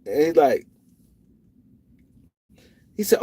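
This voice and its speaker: A middle-aged man hosts a casual livestream, telling animated stories full of repeats and restarts. His husky voice sits high, and he speaks unhurriedly with long pauses. The recording is dry.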